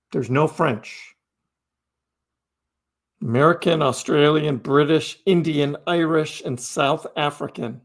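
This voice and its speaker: Chatting casually on his crypto livestream, a man reads viewers' messages aloud and answers them. His voice is a little high and slow.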